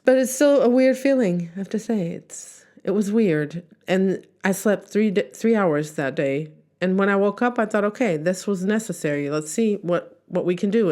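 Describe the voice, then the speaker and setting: A woman's voice: mid-range voice, a little mellow. A woman in her thirties talking candidly about her own experience, retelling conversations in her own words. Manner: candid, reflective, retells with quoted inner speech. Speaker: podcast host. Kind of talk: personal talk about job loss.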